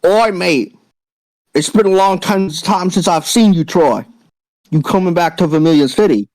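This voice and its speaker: A man's voice: high-pitched, normal speed, a little mellow, dry recording, voice pushed up, close to an everyday voice, rough recording. A man voicing a friendly male biker gang member, calling everyone mate and lad. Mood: hearty. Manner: hearty, calls people mate and lad.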